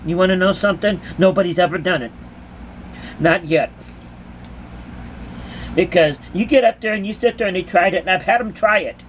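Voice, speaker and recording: A woman's voice: on the low side, normal speed, long pauses, slight background noise. A woman who dances at concerts giving an impassioned, emphatic monologue to her critics, full of repeated rhetorical questions.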